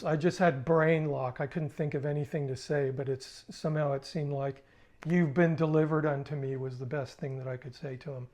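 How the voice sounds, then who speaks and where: An older man, a musician, recalling his past in a casual, halting spoken story with restarts. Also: fairly high pitch.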